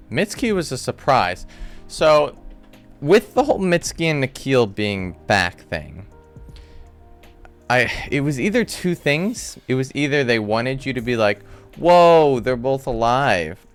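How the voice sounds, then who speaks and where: A man hosting a casual, rambling breakdown of a TV episode from a room at home, full of animated asides. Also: mid-range voice, smooth. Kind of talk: casual recap commentary.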